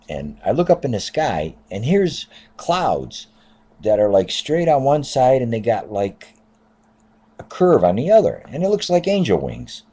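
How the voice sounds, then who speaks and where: A man in his fifties, a taxi driver, telling a personal story in a casual, rambling way, often repeating "I said" and filling pauses with "uh". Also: mid-range voice, mellow. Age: 50s.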